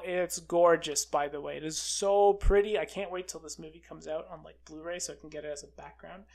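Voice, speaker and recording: A film reviewer giving a casual, rambling recap of a movie, full of "like", who quotes characters in a flat, offhand voice. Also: mid-range voice.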